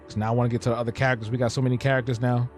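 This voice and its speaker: A man's voice: medium pitch, little pitch movement, rapid-fire, faint music behind. A man streaming live while he draws cartoons, joking and reacting to his chat as he thinks aloud.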